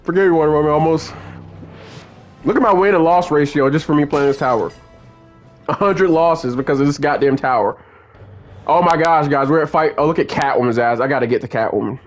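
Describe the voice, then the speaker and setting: A young man talks through his fighting-game run, cursing freely and flipping from quiet grumbles to loud shouts. His voice sits a little high for a man. Faint game music plays behind him. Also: brisk, long pauses. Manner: profane, swings from muttering to yelling at the game. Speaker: gaming streamer. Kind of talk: live gameplay commentary.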